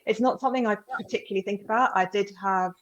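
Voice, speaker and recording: A woman's voice: medium pitch, quick pace, highs cut off. A woman author thinking aloud in an easygoing way on a panel over a video call. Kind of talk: casual panel discussion.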